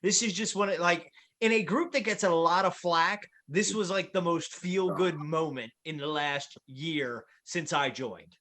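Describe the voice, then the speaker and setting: A man's voice: on the high side, unhurried, hardly any pauses, sharp tone. A man hosting a casual podcast, chatty and wry with lots of fillers. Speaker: podcast host.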